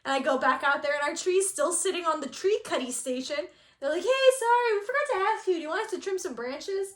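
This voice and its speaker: A woman's voice: very high-pitched, lively intonation, quick pace. A woman from Southern California co-hosting a cross-stitch channel, telling a story in casual chat and acting out quotes with laughter. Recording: echoey room.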